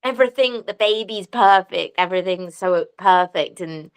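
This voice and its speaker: A woman shares her story with lively excitement. She laughs often and talks in a plain, mid-height voice. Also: mid-range voice, normal speed, a little hiss or hum. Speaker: guest. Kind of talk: casual conversation.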